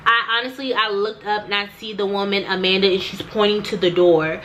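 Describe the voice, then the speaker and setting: A woman's voice: mid-range voice, fairly even intonation, a little fast, fairly bright tone, a little hiss or hum, poor audio. A young woman vlogger recounting a personal story to the camera, emphatic and repetitive, talking straight to her viewers.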